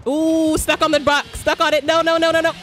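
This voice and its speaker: A young woman giving excitable live commentary while playing a game, swearing, cheering on teammates and shrieking when chased. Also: high-pitched, brisk, faint music behind. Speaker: streamer.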